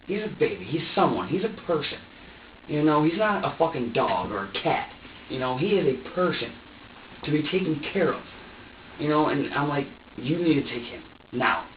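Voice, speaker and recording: A man's voice: a little high, very animated, normal speed, slight background noise. A man being questioned by police, talking in an agitated, rambling, profane way. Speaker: interrogation suspect. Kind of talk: police interrogation. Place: police interview room. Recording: echoey, distant, muffled interview room recording.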